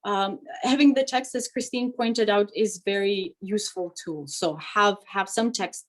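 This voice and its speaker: A woman's voice: mid-range voice, low-quality recording. A woman teaching liturgical chant in an online workshop, explaining tones, breaking into short sung examples and checking in with "right?". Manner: frequent fillers and "right?" checks. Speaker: chant instructor.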